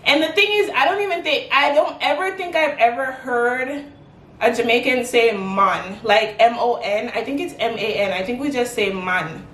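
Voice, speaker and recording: A young adult woman chatting to camera in a casual vlog, animated and quick with "like" fillers. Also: on the high side, a little hiss or hum. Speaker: vlogger. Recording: echoey room, mic at a distance.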